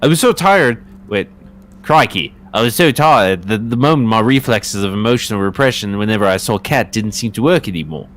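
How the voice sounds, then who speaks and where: A man's voice: on the low side, expressive, a little fast, a bit bright. A man reading the lines of a tired detective in a video game, dry and matter-of-fact. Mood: flat. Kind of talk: reading game dialogue and narration aloud.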